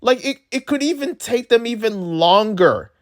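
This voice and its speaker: A man's voice: very high-pitched, expressive, moderate pace. Rambling, exasperated man ranting. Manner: rambling, exasperated, lots of filler words. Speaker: channel host. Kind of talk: casual rant to camera.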